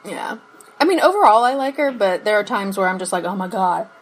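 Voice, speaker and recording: A woman's voice: medium pitch, big pitch swings, a little fast, poor audio. A woman co-hosting a podcast, recapping a TV episode in casual chat, meandering and laughing often as she loses her place. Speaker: podcast co-host.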